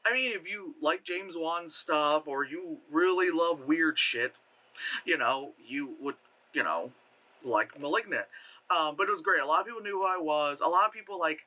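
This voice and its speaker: A man vlogging in casual storytelling mode, animated and laughing, swearing freely. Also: on the high side, moderate pace. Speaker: vlogger and cosplayer.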